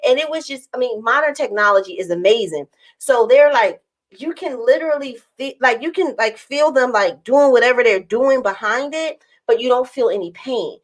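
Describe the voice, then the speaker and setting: Chatty woman vlogger, slightly high voice. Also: normal speed. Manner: chatty, animated, addresses viewers as y'all. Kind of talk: casual storytelling to viewers.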